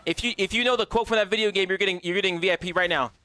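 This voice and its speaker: A man with a high, bright, forceful voice running a live gaming stream. He talks straight to his chat in a brash, profane, joking way. The sound is dry and close, with no room around it. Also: very fast, clean tone, no room sound. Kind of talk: casual livestream chatter.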